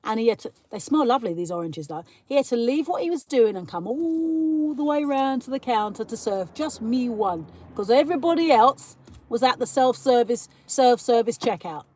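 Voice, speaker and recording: A British woman hosts a casual live stream, chatting and ranting while answering viewer comments. Her fairly high voice is expressive and a little mellow, at a moderate pace. There's slight background noise.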